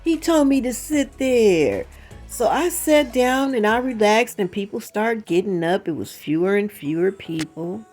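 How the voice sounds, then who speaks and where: A woman vlogger tells a personal story in a casual, animated way, acting out each exchange and stopping to stress her points to the viewers. Her pitch sits in the middle of the usual range. Soft music plays faintly behind her. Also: a little slow. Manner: animated retelling with quoted dialogue; emphatic asides to viewers. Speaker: channel host.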